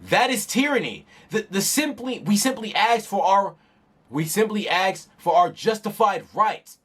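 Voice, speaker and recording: A man's voice: high voice, animated, a little slow, a bit bright, breathy edge, pitched above the performer's own voice, full character voice. A man voicing an indignant, pleading male traveling peddler with a whiny, protesting manner.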